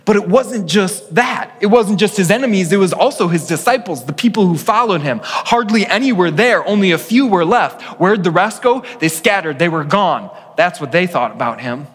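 A man's voice: sits high, lively intonation, moderate pace, hardly any pauses, slightly rough. Male pastor preaching in a reverberant hall. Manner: earnest preaching, swings from hushed to emphatic. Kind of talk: sermon.

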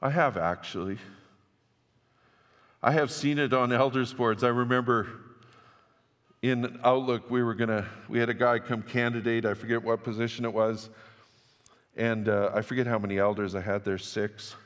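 A man's voice: medium pitch, steady tone, normal speed, pauses often, fairly bright tone. A man preaching a sermon as pastor, telling stories in a loose, conversational way with restarts. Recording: long church-hall reverb.

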